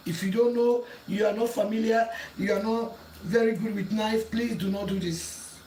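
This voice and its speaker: A woman's voice: medium pitch, fairly even intonation, normal speed, warm tone, a little hiss or hum. A woman hosting a home cooking tutorial in her kitchen, repeating earnest pleas and warnings as she works. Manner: earnest, repetitive pleading warnings. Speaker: cooking channel host. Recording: echoey kitchen, mic at a distance, clattering pots.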